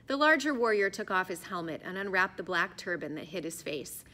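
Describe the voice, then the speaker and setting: A woman narrates an adventure story with an expressive, storytelling delivery. Her voice is bright and sharp. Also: lowish voice, brisk, few pauses. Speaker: audiobook narrator. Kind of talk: scripted narration.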